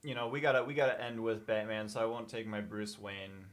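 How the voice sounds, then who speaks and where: A man co-hosting a podcast, talking in a relaxed, wry way that trails off softly. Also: fairly low pitch, fairly quick. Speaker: podcast co-host. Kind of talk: casual podcast chat.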